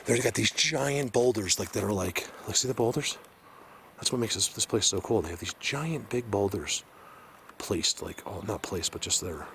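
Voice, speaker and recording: Excited man walking through a forest. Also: on the low side, moderate pace, a little hiss or hum. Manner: excited, points things out to viewers. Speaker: vlogger exploring a forest. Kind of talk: casual walk-and-talk. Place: forest outdoors, hiking uphill.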